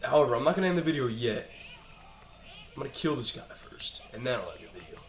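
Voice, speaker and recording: A man's voice: mid-range voice, big pitch swings, fast talker, reverberant. A teenage student ranting about school in an exasperated, profane way while he plays a video game. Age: teens. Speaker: student gamer.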